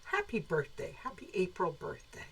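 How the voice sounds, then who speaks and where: A woman's voice: fairly low pitch, wildly swooping pitch, moderate pace, creaky, fairly bright tone, husky, low-quality recording. Chatty woman greeting live viewers. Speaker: co-host of a quilt shop live show. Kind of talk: casual live-stream chat.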